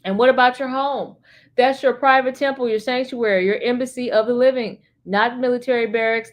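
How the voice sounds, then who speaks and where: This woman's voice sits on the higher side as she streams alone, reciting chatbot responses with earnest emphasis. She tacks on her own remarks and hesitates with fillers between readings.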